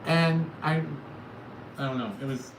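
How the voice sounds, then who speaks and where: A man's voice: on the high side, steady tone, a little slow. A middle-aged man hosting a casual livestream from home, telling stories in a rambling, self-mocking way. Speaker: livestream host. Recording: echoey room with loud background noise.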